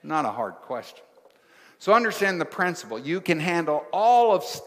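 A man's voice: a little high, animated, normal speed, a bit bright. A man preaching a sermon as pastor, speaking in short rhythmic phrases and putting questions to his congregation. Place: church sanctuary. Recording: large hall with long reverb.

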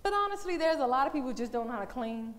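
A woman giving a lively, conversational talk at a church as the women's day speaker, animated and laughing often. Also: high voice, racing, soft background music.

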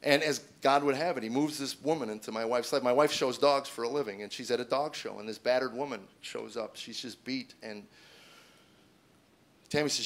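A middle-aged man doing stand-up comedy as a personal testimony. He tells the story loudly at punchlines and drops to a soft, hushed voice for the serious parts. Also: medium pitch, normal speed, creaky. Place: stage in front of a laughing audience.

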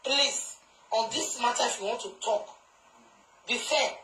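A woman's voice: on the high side, measured pace, sharp tone, roomy sound, a little hiss or hum, rough recording. A woman speaking with a Nigerian Pidgin English accent, scolding and confronting viewers in a live social media video rant, driving her points home with repetition.

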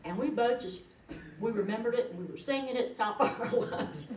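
A woman's voice: a little high, brisk, a little mellow, a little hiss or hum. A middle-aged woman, giving a eulogy in a chatty, folksy storytelling way. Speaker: eulogist, daughter of the deceased. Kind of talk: eulogy told as personal stories. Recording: echoey hall, voice from far off.

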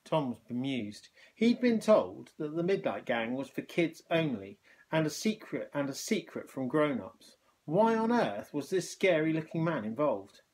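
A male teacher reading a children's novel aloud with a lively, expressive delivery. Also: a little high, a little slow.

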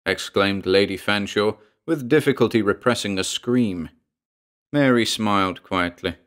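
A man narrating a horror story in a measured, dramatic storytelling voice. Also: lowish voice, a bit bright.

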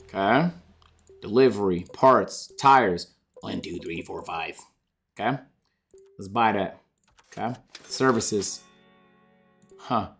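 A young man streaming a game, loud, profane and excitable, talking to his chat. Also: fairly low pitch, takes it slowly, vocal fry, long pauses, soft background music. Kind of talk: gaming livestream commentary.

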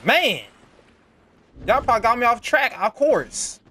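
A man's voice: extremely high pitch, sing-song, a little slow, bright, forceful tone. A young man giving casual gameplay commentary, muttering and cursing in frustration at the game. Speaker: gaming channel host.

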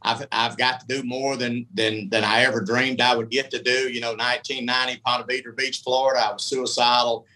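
Bright-voiced man telling stories. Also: mid-range voice, level tone, fairly quick, hardly any pauses, low-quality recording. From United States. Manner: folksy, candid, rambling storyteller. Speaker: podcast guest, country comedy singer. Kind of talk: casual storytelling.

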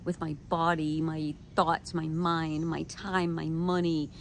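A woman talking straight to camera, telling a personal story in an animated way and acting out her own quoted thoughts. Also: sits low, slow pace, slight background noise. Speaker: video creator.

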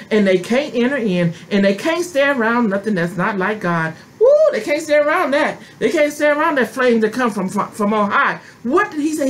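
A woman preaching an impassioned sermon to ministers, repeating her calls and breaking into bursts of tongues. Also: fairly high pitch.

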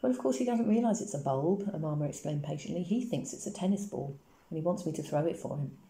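A woman's voice: sits low, expressive, quick pace, warm tone, roomy sound. A woman reading aloud and voicing an effusive elderly grandmother who dotes on her dog. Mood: doting. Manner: effusive and dramatic, cooing endearments.

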